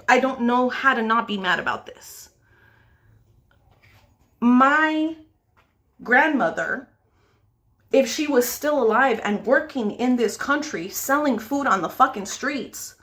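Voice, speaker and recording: A woman's voice: fairly high pitch, bright, forceful tone. A woman makeup vlogger ranting angrily with lots of swearing and pleading questions while she does her makeup. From United States. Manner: angry, profane, pleading.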